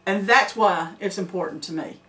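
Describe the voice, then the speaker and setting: A woman's voice: medium pitch, moderate pace, sharp tone. Earnest older woman, off-mic. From Middle Tennessee. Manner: earnest, emphatic, laughs easily. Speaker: homesteader. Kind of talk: casual chat. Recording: distant mic.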